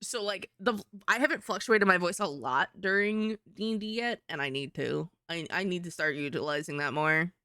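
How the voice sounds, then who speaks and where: Chatty woman streamer, smooth voice. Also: on the low side, normal speed, few pauses, sharp tone, dry recording, studio quality. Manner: rambling, chatty, self-mocking. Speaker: streamer and artist. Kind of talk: casual chat while drawing on stream.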